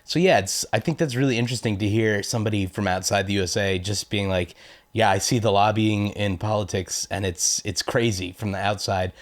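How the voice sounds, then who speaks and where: A man's voice: fairly low pitch, steady tone, brisk. Rambling self-deprecating American guy. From United States. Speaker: YouTube host. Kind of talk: casual commentary reading viewer comments.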